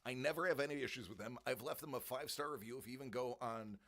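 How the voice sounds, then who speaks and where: Talking fast in a mid-range voice, a middle-aged live-streamer unboxes items while speaking close to his desk mic. His tone is casual and joking, full of frequent laughter and excited exclamations.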